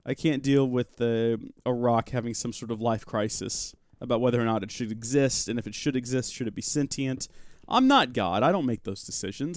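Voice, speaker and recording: A man talks a little fast at a medium pitch, recorded without echo in clean studio sound. In live let's-play commentary on a Minecraft modpack, this gaming stream host chats casually with viewers while he plays. He keeps up a chatty flow of joking asides aimed at chat and at his in-game pet rock.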